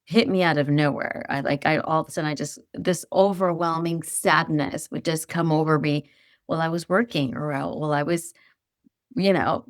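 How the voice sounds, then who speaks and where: A woman's voice: deep voice, fairly even intonation, moderate pace, no room sound. Middle-aged woman guest, earnest and reflective, stops and restarts, dry room. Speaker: podcast guest. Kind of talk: casual chat.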